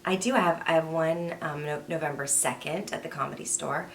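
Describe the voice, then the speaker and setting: Low-voiced chatty woman. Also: steady tone, a little fast, vocal fry, a little hiss or hum. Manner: chatty, rambling, self-deprecating. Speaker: voice actress and comedian. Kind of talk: casual chat. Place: room during a makeup session. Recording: echoey room.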